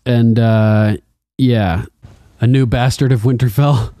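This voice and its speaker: A man's voice: mid-range voice, fairly even intonation, takes it slowly, dark tone, dry recording, studio quality. A man co-hosting a podcast in casual chat, joking and quoting lines from the show. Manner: jokey, quotes lines in silly voices. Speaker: podcast co-host.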